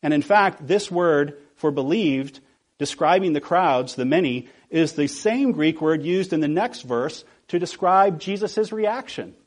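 Husky-voiced pastor preaching with emphasis. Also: male voice, on the high side, animated. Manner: emphatic, rhetorical questions, slows down to stress key words. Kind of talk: sermon.

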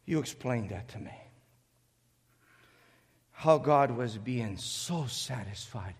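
A male preacher delivering a sermon, swinging between shouted passages and quiet, intense reading of scripture. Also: mid-range voice, animated, takes it slowly, long pauses, husky. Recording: echoey hall.

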